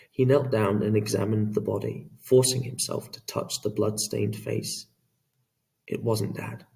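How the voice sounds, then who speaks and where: A man reading an audiobook in a measured, dramatic storytelling manner. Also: on the low side, steady tone, gravelly, a little mellow, far from the mic. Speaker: audiobook narrator. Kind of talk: scripted narration.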